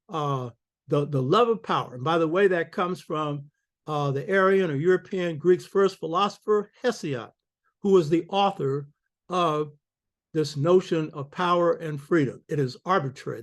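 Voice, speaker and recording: A man's voice: fairly high pitch, moderate pace. An older man giving a public lecture in an emphatic, preacherly way, often checking in with the audience. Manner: preacherly, emphatic, calls out "you hear me?".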